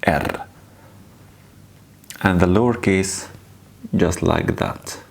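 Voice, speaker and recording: Very slow, patient male language teacher. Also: on the low side, vocal fry, a little mellow. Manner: repeats each sound and word several times for learners to echo; explains in simple, plain sentences. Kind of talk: slow, patient alphabet lesson.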